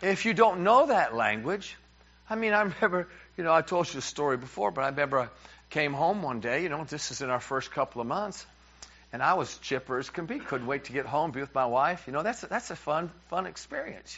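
Middle-aged New preacher, man; lively storyteller who acts out both sides of a conversation, slightly dull recording. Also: on the high side, fairly quick, slightly rough. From New York. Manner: animated, repeats words, acts out dialogue. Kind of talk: humorous sermon storytelling. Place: church.

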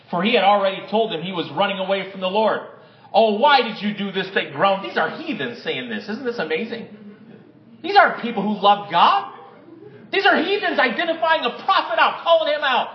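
A man preaching a sermon and reading scripture aloud, with dramatic swings between loud, raised lines and low, hushed ones. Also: sing-song, fairly quick, reverberant, dull audio. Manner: dramatic, varies pitch and loudness, drops low and quiet for emphasis. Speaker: pastor.

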